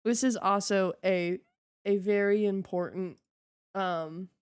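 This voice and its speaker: A woman's voice: medium pitch, fairly even intonation, slow pace, smooth. A woman streamer chatting casually on a live stream, ranting in an exasperated way and laughing often.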